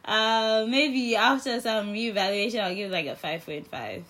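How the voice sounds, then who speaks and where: A woman's voice: medium pitch, moderate pace, fairly bright tone. A woman co-hosting a casual podcast, talking in a laid-back, hesitant way full of fillers. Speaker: podcast co-host. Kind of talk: casual chat.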